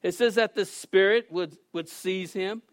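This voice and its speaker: A man with a high, light voice preaches a sermon to his congregation. He swells into loud, pleading emphasis and then eases back to calmer teaching. The sound is dry and close, with little room echo. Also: measured pace. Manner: preaching with rising emphasis, shouting at peaks. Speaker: pastor.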